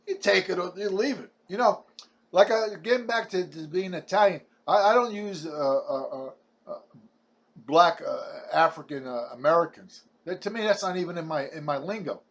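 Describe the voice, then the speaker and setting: Seventies New man, raised pitch, ranting combatively with stumbling restarts. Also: lively intonation, moderate pace, a bit bright. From Brooklyn, New York. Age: 70s. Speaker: vlogger. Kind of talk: ranting monologue.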